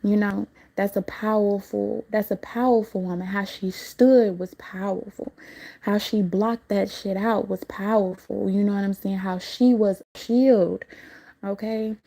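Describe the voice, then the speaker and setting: Gravelly mellow woman rambling live. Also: mid-range voice, fairly even intonation, unhurried. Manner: rambling, laughs often, swears freely. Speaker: livestream host recounting a dream. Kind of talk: casual livestream monologue.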